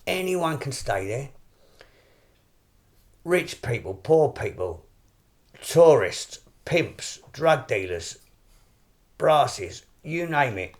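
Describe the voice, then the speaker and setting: An English man in his fifties, a boxer and podcast guest, telling a story in a lively way with many repeats and restarts. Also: medium pitch, extremely slow, long pauses. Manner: animated anecdote-telling with frequent repeats and restarts. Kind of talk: casual storytelling.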